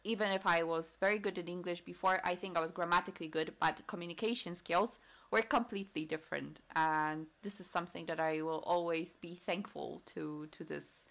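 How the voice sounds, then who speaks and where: Young woman, somewhat low voice, casual chatty storytelling, restarts sentences. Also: a little fast. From Poland. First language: Polish. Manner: chatty, self-correcting, relaxed storytelling. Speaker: guest. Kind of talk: casual chat.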